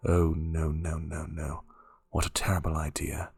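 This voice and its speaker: A man voicing a quiet, worried man in his late fifties with a Liverpool accent, speaking in grave, half-whispered warnings. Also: rumbling low, completely flat delivery, unhurried, vocal fry, slightly rough, no echo, clean studio sound, full character voice. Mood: hushed warning. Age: 50s.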